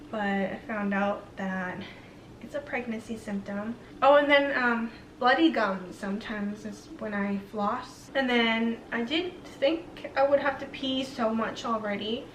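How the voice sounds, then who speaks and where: A woman's voice: a little high, unhurried, a little hiss or hum. A young woman vlogger chatting casually to camera, rambling with lots of fillers. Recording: roomy, slightly distant mic.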